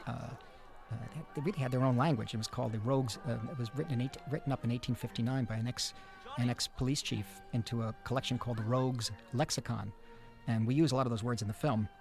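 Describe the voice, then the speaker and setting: A man, a film director, speaking in a reflective audio commentary, with frequent pauses, fillers and restarts. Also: medium pitch, steady tone, creaky, a little mellow, faint music behind.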